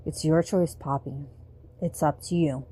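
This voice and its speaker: A woman voicing a calm, serious teenage boy vampire in an audiobook reading, speaking slowly and quietly. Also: deep voice, breathy edge. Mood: grave.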